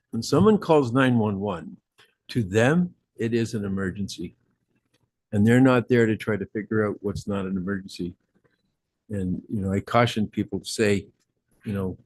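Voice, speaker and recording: Husky-voiced council deputy, firm. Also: male voice, on the low side, a little mellow. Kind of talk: council meeting remarks.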